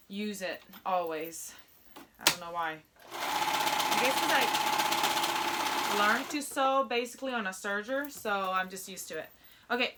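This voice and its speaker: Young woman, sewing tutorial, bright clear tone, chatty, a bit nervous, frequent ums. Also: mid-range voice. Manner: chatty, admits being nervous, many ums. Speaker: sewing pattern instructor.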